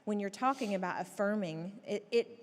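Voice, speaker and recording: A woman's voice: medium pitch, moderate pace. Affirming woman co-host, reverberant room. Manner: affirming, frequent agreeing interjections. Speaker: church parenting talk co-host. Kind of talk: casual conversational co-hosting.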